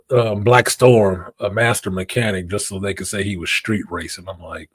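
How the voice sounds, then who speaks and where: A man hosting a casual pop-culture chat, animated and profane, with a husky voice. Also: deep voice, moderate pace, few pauses, dry recording. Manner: animated, profane, puts on voices when quoting. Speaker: podcast host.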